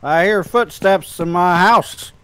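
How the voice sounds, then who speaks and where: A man in casual gameplay banter, excitable, swearing and laughing often. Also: high voice, takes it slowly, slight background noise. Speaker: gamer.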